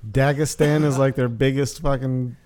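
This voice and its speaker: A man's voice: mid-range voice, steady tone, moderate pace, a little mellow. A man in casual podcast chat, chiming in with playful questions and casual swearing. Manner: joking interjections and follow-up questions, swears freely.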